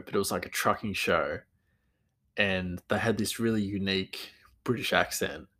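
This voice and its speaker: A man's voice: sits low, gravelly, sharp tone. A man talking casually on his own, rambling and easygoing, with frequent laughter in his talk. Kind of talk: casual monologue.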